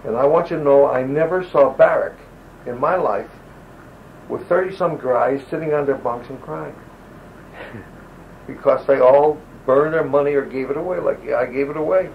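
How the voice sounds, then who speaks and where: Older man with a gravelly voice, muffled old tape. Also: mid-range voice, normal speed. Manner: loose, digressive, acts out quoted voices. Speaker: interviewee, army veteran. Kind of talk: rambling oral-history storytelling. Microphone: home audio recorder. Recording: lo-fi old tape with faint hiss.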